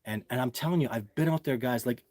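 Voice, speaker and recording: Talking fast in a mid-range, slightly mellow voice with no echo, a man hosts a casual livestream. He answers viewers' questions emphatically, repeats himself often, and calls them "guys."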